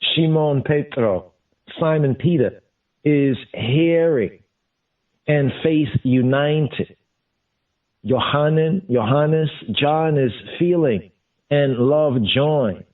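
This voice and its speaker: Man, slow deliberate sermon, restates words in two languages, tinny phone-like sound, distant from the mic. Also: medium pitch. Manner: repeats terms in Hebrew and English, drawn-out emphasis. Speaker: teacher of Torah study.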